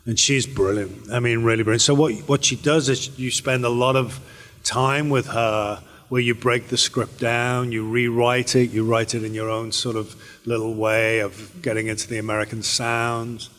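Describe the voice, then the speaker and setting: A British actor answering fan questions on a convention panel, relaxed and rambling with many fillers and restarts. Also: male voice, medium pitch, moderate pace. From Britain. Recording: echoey convention hall.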